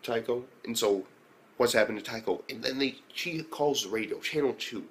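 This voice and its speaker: A man casually recapping an anime episode, swearing often and breaking into loud, exclaimed reactions. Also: mid-range voice, normal speed. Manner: loose, profane retelling with loud exclaimed reactions. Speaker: anime reviewer.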